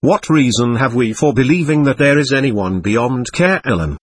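A man's voice: medium pitch, lively intonation, normal speed, breathy edge, no echo. A man voicing an eager, speculative young male aide in an audiobook.

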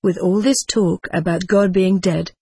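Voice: mid-range voice, steady tone, unhurried, darkish tone, slightly rough, no room sound. A reader voicing a polite, distracted visiting clergyman in a storybook. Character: visiting clergyman, male guest.

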